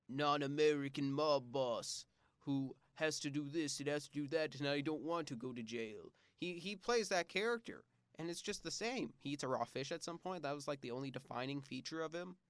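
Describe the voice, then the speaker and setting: Young man with a smooth voice reviewing a film. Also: a little high, fairly bright tone, dry recording. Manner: blunt and dismissive, with frequent filler words. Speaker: podcast host. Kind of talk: casual movie review.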